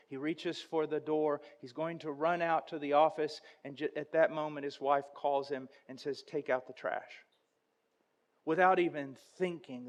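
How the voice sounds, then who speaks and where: A male preacher with a notably high voice delivers a sermon. He tells stories dramatically and builds to loud, intense passages.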